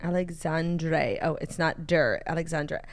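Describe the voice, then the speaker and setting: A woman's voice: sits low, measured pace. A young woman co-hosting a podcast, telling gossipy stories in casual chat with many "like"s. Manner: gossipy, animated storytelling with many "like"s. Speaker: podcast co-host.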